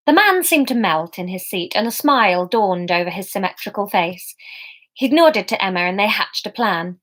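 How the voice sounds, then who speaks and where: A woman's voice: mid-range voice, expressive, normal speed, a bit bright. A woman reading her own comic novel aloud, breaking off for playful, chatty asides.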